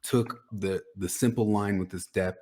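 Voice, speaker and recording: Man, podcast co-host, very deep husky voice, opinionated commentary. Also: steady tone, normal speed, warm tone. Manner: opinionated, drawing parallels, chuckles mid-sentence. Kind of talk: casual podcast conversation.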